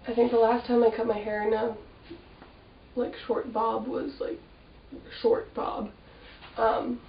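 A woman with a stuffy, nasal voice from a cold chats in a rambling, casual way with plenty of fillers. Her voice sits a little high, with a gravelly fry. She is recorded from some distance in an echoey room, with a dull tone and a faint hiss behind her. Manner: chatty and rambling, with frequent fillers. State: has a cold, sniffling. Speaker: fashion vlogger. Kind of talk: casual chat to camera.

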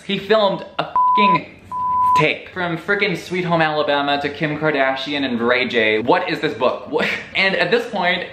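A man casually recapping a book's plot for his vlog, animated and swearing, popping into quick voices for the characters. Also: on the high side, slight background noise. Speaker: book vlogger. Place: room at home. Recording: echoey room with faint ambience.

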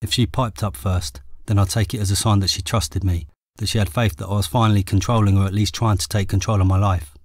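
A man with an English accent reading his own memoir as an audiobook in a steady, measured way. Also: on the low side, dry recording, clean studio sound. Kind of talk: audiobook narration.

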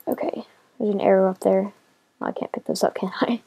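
A woman giving casual commentary as she plays a video game, talking to herself and getting excited as she goes. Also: medium pitch, a little fast, creaky, breathy edge. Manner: excitable, talks to herself while playing. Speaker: gamer.

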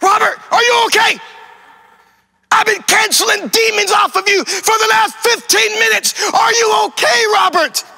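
A frantic mother shrieks in a high, strained voice, as a preacher acts her out, half crying and shouting. The voice jumps far above the speaker's own register and stays loud and urgent. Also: moderate pace, creaky, long reverb tail, exaggerated voice. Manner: shrill, screaming.

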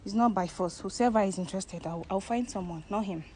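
A woman's voice: mid-range voice, fairly quick, a little mellow, a little hiss or hum. A woman in a comic blind-date skit, speaking in an indignant and offended way.

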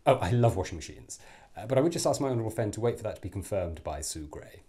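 A man's voice: on the low side, big pitch swings, fast talker, dark tone, breathy edge. A man doing a satirical impression of a bumbling, smug British prime minister, blustering through a comic monologue with chuckling self-mocking asides. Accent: English.

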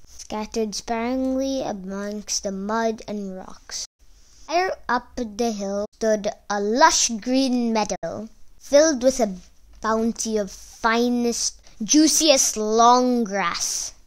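A woman narrating a fairy tale aloud for children, reading slowly and with expression. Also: mid-range voice. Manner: slow, expressive read-aloud. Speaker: storyteller. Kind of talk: storybook narration.

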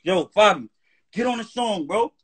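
A man's voice: high voice, moderate pace, husky. A man talking as a guest on a live stream in a heated, profane rant, often checking "you heard?". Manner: profane, animated, keeps asking "you heard?".

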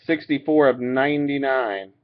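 This card breaker talks at a normal speed in a mid-range voice, casually opening packs and reading every card aloud. He's laid-back, with occasional swearing and laughter, and the webcam mic's audio sounds dull and lo-fi.

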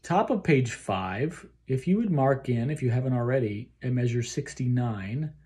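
A man's voice: medium pitch, animated, moderate pace, mellow. A man leading a choir rehearsal lesson, explaining phrasing and pronunciation and singing short bits of the lines. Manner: talks through phrasing, sings snippets of the text; ends points with a questioning okay. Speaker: choir director.

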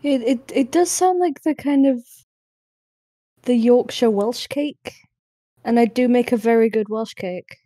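Northern english woman, podcast cohost, mellow and a bit high, dry. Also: measured pace, long pauses, dry recording. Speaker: podcast co-host. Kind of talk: casual chat.

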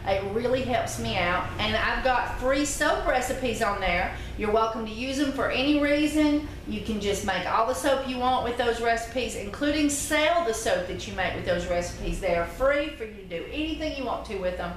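A woman's voice: a little high, expressive, moderate pace, few pauses. A middle-aged woman, chatting casually to her viewers in a folksy, talkative way as a soap-making channel host. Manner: chatty, folksy, laughs easily, with fillers. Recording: echoey room with background noise.

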